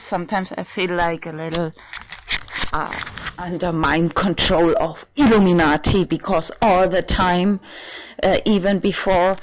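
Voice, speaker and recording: This is a dull lo-fi home recording with a little hiss or hum, made in an apartment by a tipsy woman vlogger. She speaks slowly and haltingly in a steady tone, rambling about her own life with many fillers and restarts, and slips into high, shrill sarcastic outbursts.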